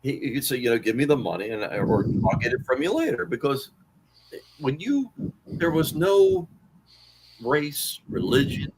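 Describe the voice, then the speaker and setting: A man in his sixties telling wrestling stories as an interview guest, animated and profane, jumping to much higher pitch when riled. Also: normal speed, background noise. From Washington D.C. area. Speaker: interview guest, wrestling author and former manager. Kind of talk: casual storytelling interview.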